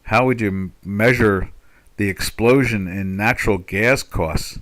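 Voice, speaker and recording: Rambling older American trading host. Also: male voice, on the low side, measured pace, fairly bright tone. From United States. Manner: rambling, full of "you know" fillers and restarts. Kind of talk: live market commentary chat.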